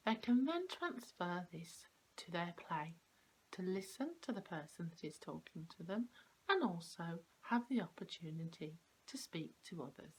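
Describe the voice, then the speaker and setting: A woman, a preschool teacher explaining classroom activities to parents, clear and slow, stressing the sounds of words. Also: lowish voice, big pitch swings, slight background noise, poor audio.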